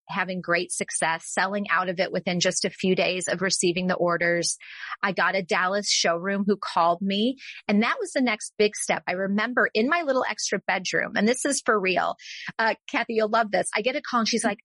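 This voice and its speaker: A woman's voice: medium pitch, fairly bright tone, dry recording. A woman, a guest entrepreneur, candidly telling her story in an interview and quoting the people in it.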